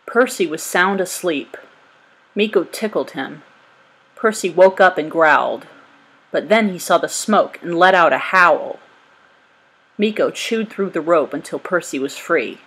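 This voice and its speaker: Husky woman reading a storybook aloud. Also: on the low side, expressive, measured pace, fairly bright tone, rough recording. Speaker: storybook reader.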